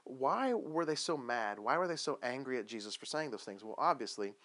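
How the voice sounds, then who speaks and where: Male pastor, animated sermon storyteller, lively up-and-down delivery. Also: mid-range voice, fairly quick. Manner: animated storytelling, acting out biblical voices with questions.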